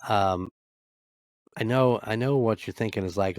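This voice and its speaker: A man's voice: fairly low pitch, unhurried, no room sound, studio quality. A middle-aged man hosting a podcast alone, giving a casual, blunt sports recap full of swearing and rambling asides. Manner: blunt, swears freely, rambling with many fillers. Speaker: podcast host.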